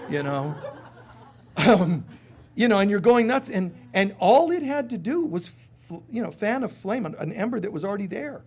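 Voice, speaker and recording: A man giving a live sermon in a casual, humorous way, who acts out little voices and drops to soft, quiet tones on serious points. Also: sits high, lively intonation, normal speed. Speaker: spiritual teacher.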